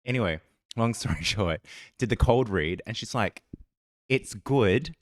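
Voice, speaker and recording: A man's voice: fairly low pitch, moderate pace, no echo, studio quality. A man with an Australian accent co-hosting a casual music reaction chat, rambling through stories and laughing often. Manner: rambling, chatty storyteller who laughs often. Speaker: podcast co-host.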